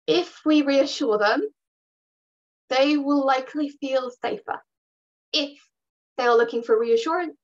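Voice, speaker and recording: A woman's voice: high voice, measured pace, long pauses, highs cut off. A woman dog trainer giving an online workshop talk, chatty and reassuring, with plenty of fillers. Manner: chatty and reassuring, with fillers and upbeat put-on bits.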